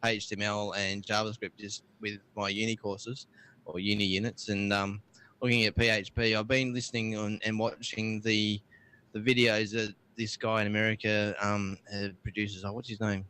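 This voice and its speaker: A man's voice: lowish voice, little pitch movement, normal speed, pushed and bright, clear, resonant tone. A young man co-hosting a tech podcast, easygoing and full of fillers, reading dates out carefully. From Australia. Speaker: podcast co-host. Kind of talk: casual chat, reading notes.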